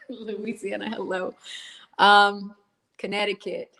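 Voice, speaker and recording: Slow-talking woman greeting viewers. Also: mid-range voice, slight background noise. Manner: chatty, greets viewers warmly, laughs often. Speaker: co-host. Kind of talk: live-stream chat, reading out viewer names.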